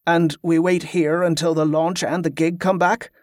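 A man's voice: fairly high pitch, level tone, normal speed, dry recording, studio quality, natural voice. A man voicing a fussy, nervous male merchant who talks in a prim, strained way. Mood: fretful prim.

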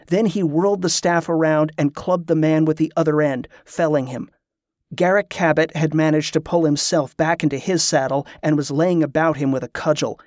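A man's voice: a little high, darkish tone, no echo, clean studio sound. A man narrating a fantasy audiobook with vivid, dramatic storytelling.

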